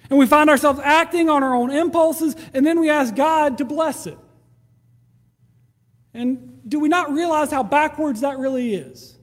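A man's voice: very high voice, moderate pace, big-room sound. A man preaching a sermon in a conversational way, acting out prayers and quoted voices. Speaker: pastor.

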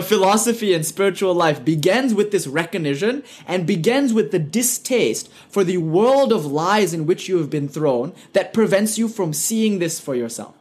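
Earnest British man lecturing, slightly high. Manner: earnest, rhetorical questions, light joking asides. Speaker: spiritual teacher. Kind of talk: live online lecture.

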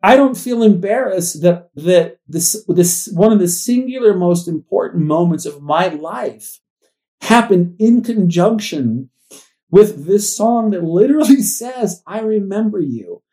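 This forties-aged podcast co-host thinks out loud in a wistful, reflective chat that meanders and restarts. His warm voice sits high with lively intonation, and he talks a little slowly.

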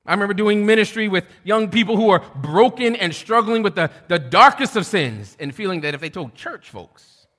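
Preacher guy, fairly high voice, goes from loud preaching to hushed storytelling. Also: lively intonation, moderate pace, few pauses. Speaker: pastor. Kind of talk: sermon. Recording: long hall reverb.

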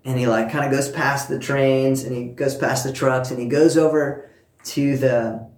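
A man's voice: mid-range voice, fairly even intonation, moderate pace. Earnest male pastor in an echoey room. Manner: earnest storytelling, speaking to listeners at home. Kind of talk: sermon.

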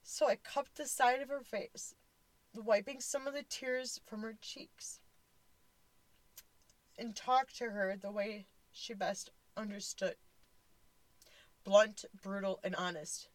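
A woman's voice: mid-range voice, fairly even intonation, takes it slowly, long pauses, no room sound, rough recording. A woman in her forties speaks in a voice that keeps catching on tears as she tells a personal story. She talks bluntly and candidly and swears now and then. Her mid-range voice sounds dry and close. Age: 40s. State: tearful, voice close to crying.

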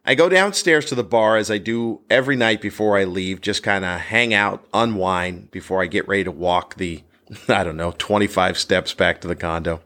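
A man, a stand-up comedian, telling a story about a heckler in a lively, animated way. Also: normal speed. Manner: animated, voice jumps high when worked up. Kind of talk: casual anecdote telling.

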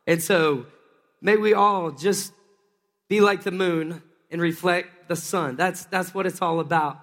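A man with a high, light voice delivers an energetic sermon, calling out to the congregation and waiting for their answers. His words ring out with a long, reverberant tail, as in a large church hall. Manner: energetic, calls for crowd responses. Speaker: pastor. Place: church sanctuary.

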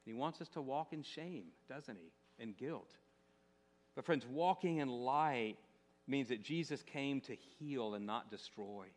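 A man's voice: mid-range voice, measured pace. A male pastor preaching a sermon, repeating phrases and asking the congregation rhetorical questions.

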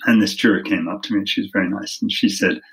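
A man's voice: fairly low pitch, steady tone, very fast, fairly bright tone, slightly rough, poor audio. A middle-aged man with a British accent, a lawyer telling stories in a conversational interview, wry and self-deprecating. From half American, half British. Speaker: human rights lawyer.

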